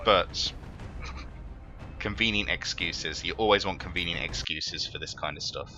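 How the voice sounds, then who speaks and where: A man's voice: sits low, measured pace, over music. A man commentating his own strategy game run, swearing and prone to exasperated outbursts. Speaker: gaming let's player. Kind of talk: let's play commentary.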